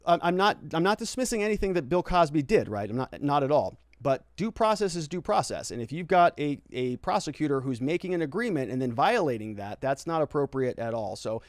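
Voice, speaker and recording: Chatty lawyer host, dry close sound. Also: male voice, on the high side, big pitch swings, a little fast, few pauses, no echo. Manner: conversational, frequent "right?" tags and restarts. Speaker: lawyer and legal commentary host. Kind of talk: casual livestream commentary reading viewer chat.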